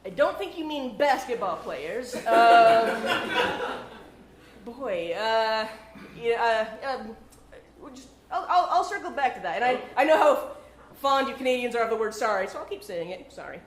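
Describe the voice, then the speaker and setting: A woman's voice: fairly high pitch, sing-song. A woman in an improv comedy scene, playing a male star athlete who stammers through an apology at a press conference, recorded in an echoey coffeehouse. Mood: flustered. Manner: halting, apologetic, full of stammers and fillers. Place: coffeehouse stage. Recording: echoey coffeehouse room, faint noise.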